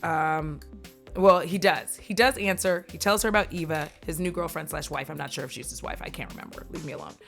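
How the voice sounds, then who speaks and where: Rambling, low-voiced woman recapping a movie. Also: fairly quick, gravelly, fairly bright tone, faint music behind. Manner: chatty and rambling, swears, goes off on tangents. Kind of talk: casual chat.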